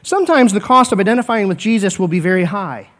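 Animated, high-voiced male preacher. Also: quick pace. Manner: earnest and repetitive, swinging from emphatic to hushed. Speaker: pastor. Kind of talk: sermon.

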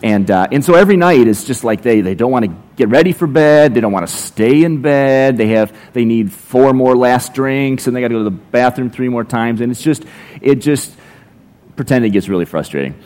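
A man's voice: mid-range voice, lively intonation, brisk, a little mellow. A man preaching a sermon as a pastor, telling everyday stories with dry, playful sarcasm. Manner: conversational, ironic storytelling with playful sarcasm.

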